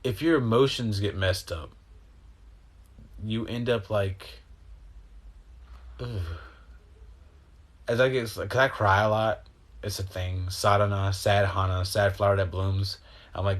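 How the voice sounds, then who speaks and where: A man with a somewhat low voice talks in a casual, meandering monologue. He drifts from thought to thought, swearing freely and speaking with open emotion. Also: fairly even intonation, measured pace, fairly bright tone. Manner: meandering, profane, emotional stream of consciousness. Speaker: host. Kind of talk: rambling spiritual monologue.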